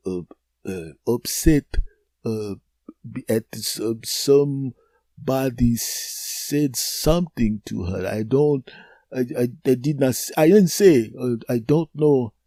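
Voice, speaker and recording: A man's voice: mid-range voice, a little mellow, dry recording, close to an everyday voice. A man putting on a stammering foreign-accented guy. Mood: flustered. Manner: halting and stammering, searching for words.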